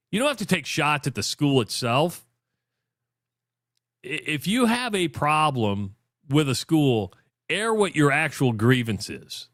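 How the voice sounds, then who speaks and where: A man's voice: fairly high pitch, a bit bright, no echo, clean studio sound. A man co-hosting a sports talk radio show, giving fired-up, opinionated commentary and retelling stories.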